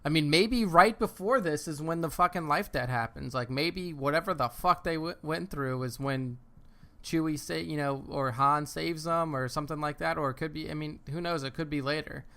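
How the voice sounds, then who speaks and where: Bright, agreeable podcast co-host. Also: male voice, a little high, normal speed, vocal fry. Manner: agreeable, hesitant, lots of fillers, swears. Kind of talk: casual chat.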